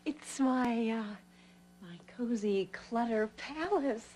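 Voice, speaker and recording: An actress playing a woman's invisible spirit who talks in a hushed, wondering whisper, over soap opera score music. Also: fairly high pitch, slow, a little hiss or hum. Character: woman's spirit, invisible, back home, awed. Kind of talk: daytime soap acting.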